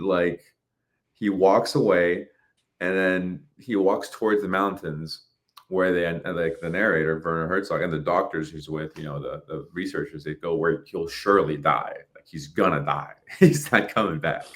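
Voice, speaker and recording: Deep-voiced animated podcast man. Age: 30s. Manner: animated, swearing, quick bursts. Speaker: podcast co-host. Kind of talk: casual chat.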